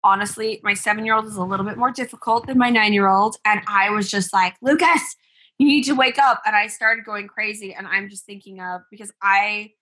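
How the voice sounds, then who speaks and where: A woman in her thirties, a mother and business owner, telling stories in a chatty, animated way with many fillers as a podcast co-host. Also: medium pitch, fairly quick, few pauses. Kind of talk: casual chat.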